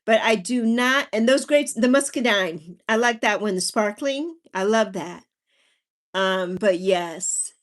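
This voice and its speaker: A woman's voice: medium pitch, takes it slowly. A woman hosting a casual livestream, chatting with viewers in a bubbly, sing-song way and drawing out her words. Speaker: livestream host.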